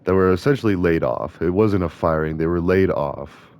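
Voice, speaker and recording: Young male gaming vlogger, low voice, indignant rambling rant between game moves. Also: normal speed, muffled recording. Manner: ranting, indignant, digressive. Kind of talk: casual rambling commentary while gaming.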